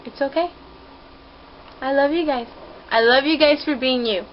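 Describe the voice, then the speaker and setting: Quirky girl rambling to her viewers from her room, kinda high voice, muffled lo-fi webcam sound. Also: normal speed, slight background noise. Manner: quirky, rambling, playful and emotional. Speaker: vlogger. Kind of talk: casual heartfelt talk to camera. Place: her own rented room.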